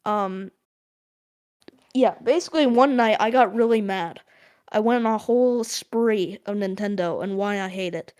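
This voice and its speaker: A woman's voice: medium pitch, normal speed, a little mellow. A young woman co-hosting a podcast, ranting in a casual chat full of fillers and laughs. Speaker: podcast co-host.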